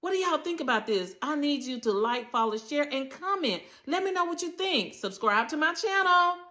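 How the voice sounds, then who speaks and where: A woman's voice: high-pitched, expressive, moderate pace, sharp tone. A woman giving casual political commentary straight to her viewers, emphatic and chatty, calling on them again and again. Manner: emphatic, talks straight to viewers, repeats "listen" and "y'all". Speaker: commentary vlogger.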